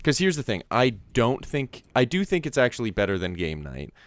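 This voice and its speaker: A man's voice: mid-range voice, big pitch swings, brisk, no echo. A young man co-hosting a movie podcast, chatting casually and rambling with lots of filler words. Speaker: podcast co-host. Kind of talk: casual chat.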